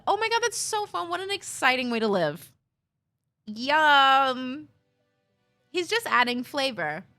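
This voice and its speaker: A woman's voice: high voice, bright, forceful tone. A young woman streamer from Minnesota with a slight Minnesota accent, chatting casually with viewers in a rambling, giggly way.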